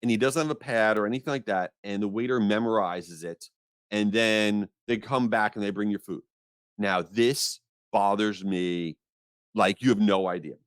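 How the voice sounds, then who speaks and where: A man hosting a podcast, telling an exasperated, animated story in a casual rant. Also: lowish voice, moderate pace, clean tone, no echo, clean studio sound. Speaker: podcast host.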